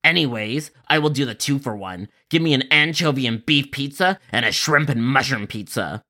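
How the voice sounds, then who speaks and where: A man's voice: mid-range voice, animated, normal speed, bright, forceful tone. A man doing a sneering, rude customer. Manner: sneering, taunting.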